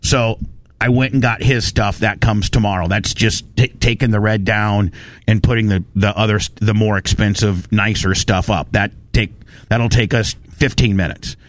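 A man hosting a radio talk show, telling a story in animated bursts and ranting with lots of restarts. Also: lowish voice, moderate pace, dry recording. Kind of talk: casual talk radio banter.

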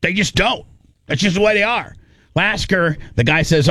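A man's voice: high-pitched, normal speed, pushed and bright, dry recording, studio quality. A man casually telling a long, rambling story, with restarts and lots of fillers.

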